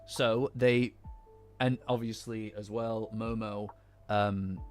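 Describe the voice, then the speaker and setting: A man's voice: fairly low pitch, steady tone, slow pace. Man with a Midlands accent. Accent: English Midlands. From England. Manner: rambling with many restarts, swears casually. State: recovering from flu. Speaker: streamer. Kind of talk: casual live-stream chat. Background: faint lofi music.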